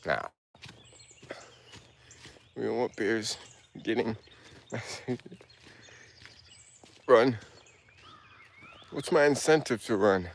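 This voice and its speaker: A man's voice: medium pitch, extremely slow, gravelly, pauses often. A man hosting a casual livestream while walking a hilly woodland trail, rambling loosely with lots of filler words and slurring some words. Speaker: livestream host.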